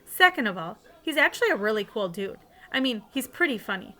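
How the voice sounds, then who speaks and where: A woman's voice: fairly high pitch, big pitch swings, a little fast, bright, forceful tone. A woman teacher reading a novel aloud in a casual, conversational way, sometimes restarting a line.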